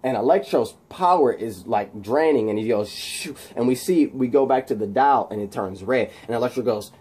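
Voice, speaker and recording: A man casually retelling a movie scene, excitedly and with lots of sound effects and fillers. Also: mid-range voice, moderate pace, slightly rough. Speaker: channel host.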